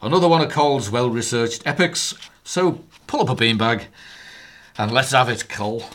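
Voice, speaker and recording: A man's voice: mid-range voice, expressive, normal speed, a bit bright. A man co-hosting a podcast, chatting casually with dry, jokey asides. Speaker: podcast co-host.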